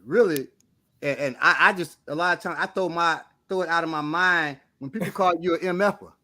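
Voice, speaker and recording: A middle-aged man trades stories in an easygoing talk show. His voice sits high and bright, and he tells his tales with animation and frequent laughter. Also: a little fast. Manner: animated storyteller, laughs a lot. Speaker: podcast co-host. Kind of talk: casual chat.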